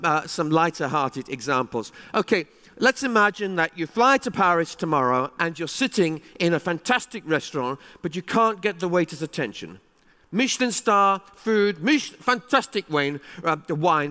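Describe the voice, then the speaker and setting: A man giving a conference keynote speech, animated and emphatic, with rising exclamations. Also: on the high side, moderate pace. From England. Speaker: keynote speaker. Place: large conference hall. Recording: reverberant hall.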